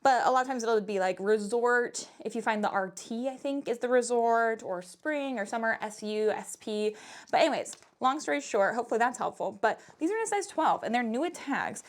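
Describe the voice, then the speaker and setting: A woman's voice: fairly high pitch, lively intonation, fairly quick. A young adult woman, chatting casually and upbeat as she shows off her thrift finds. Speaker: thrift reseller vlogger. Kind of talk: casual vlog chat.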